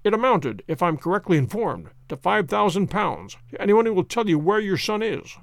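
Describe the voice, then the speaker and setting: A man voicing a calm, precise male detective who speaks in a cold, measured way. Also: high-pitched, gravelly, no room sound, full character voice. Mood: cool.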